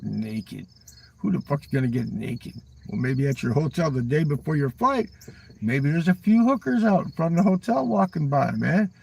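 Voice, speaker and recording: Gravelly older man, swearing, rambling. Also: a little high, a little mellow. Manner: profane, rambling, ends lines with "man"; talks back to chat viewers. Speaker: live streamer. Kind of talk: rambling live-stream chat. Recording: voice a little far from the mic.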